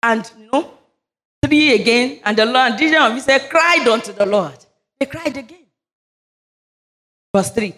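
A high-pitched woman preaches a sermon, moving between scripture reading and fervent prayer. Her voice sits well above the usual range, and her declarations ring with conviction. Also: expressive, a little slow, pauses often. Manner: fervent, rising into loud declarations during prayer.

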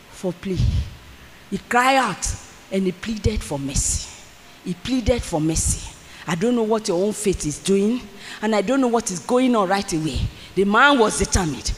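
Preacher, bright forceful tone, rhetorical questions, shouted peaks, long hall echo with faint room noise. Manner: impassioned, swings from low asides to shouted calls; repetitive, rhetorical questions to the congregation. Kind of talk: sermon.

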